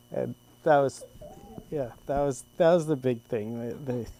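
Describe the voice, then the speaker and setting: An older man at an open mic, telling a rambling, self-deprecating personal story with halting restarts. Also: medium pitch, warm tone. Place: comedy club stage.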